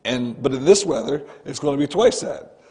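A man's voice: medium pitch, animated, moderate pace, a little mellow. A male pastor preaching a sermon in a church, earnest and conversational, often breaking in with "listen.". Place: church sanctuary.

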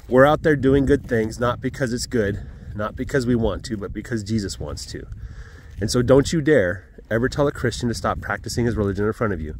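An earnest man talking outdoors on his farm, giving a casual Sunday morning message. He speaks reflectively at a middle pitch, pausing with fillers and clearing his throat. Faint farm sounds and animals murmur behind him. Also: a little hiss or hum. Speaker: farm vlogger.

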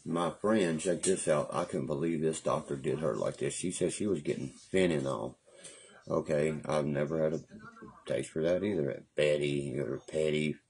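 Gravelly deep-voiced man telling jail stories. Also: normal speed. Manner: profane, animated storytelling with laughs. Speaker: livestream vlogger. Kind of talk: casual rambling storytelling. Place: parked car. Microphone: phone.

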